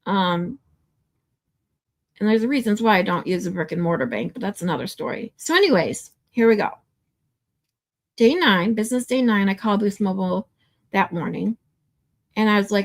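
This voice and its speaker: A woman's voice: medium pitch, expressive, normal speed, long pauses. A woman hosting a casual livestream, getting worked up and swearing freely while venting and answering her chat. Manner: chatty, reads and answers chat. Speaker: livestream host.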